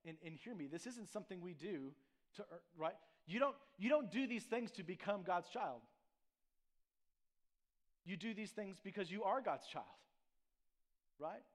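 High-voiced man preaching conversationally. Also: expressive, normal speed, long pauses. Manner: conversational preaching with frequent "right?" and restarts. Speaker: pastor. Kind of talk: sermon.

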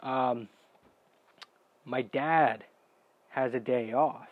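A young man telling a story in a casual, profane rant. He sounds exasperated and now and then bursts into shouting. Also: medium pitch, extremely slow, no echo, phone-quality sound.

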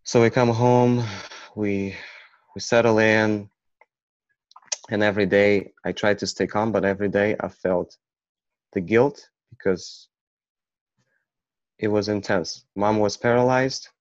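Man from Ukraine, personal storyteller, halting delivery, low and unhurried. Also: fairly even intonation, no echo. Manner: halting, with many restarts. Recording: dull, muffled recording.

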